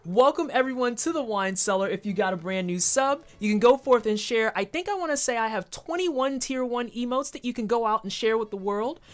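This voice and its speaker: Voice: medium pitch, animated, a little fast, few pauses. A streamer chatting casually with viewers while playing a game, thanking supporters and making playful asides. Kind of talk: casual live-stream chat while gaming.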